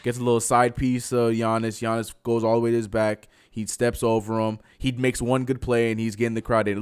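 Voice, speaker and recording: A man co-hosting a casual sports podcast, talking in an animated, excitable way and often repeating himself. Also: mid-range voice, brisk, few pauses, clear, resonant tone. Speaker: podcast co-host.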